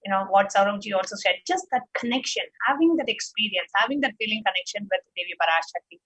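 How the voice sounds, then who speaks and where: A woman's voice: medium pitch, animated, fast talker, bright, forceful tone, rough recording. A woman hosting a live show who talks in an effusive, gushing way. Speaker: host.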